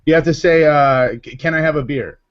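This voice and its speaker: A slightly high-voiced man hosting a live stream, joking and teasing his guests in a quick, upbeat way. The audio is dull and lo-fi. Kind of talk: casual live-stream chat.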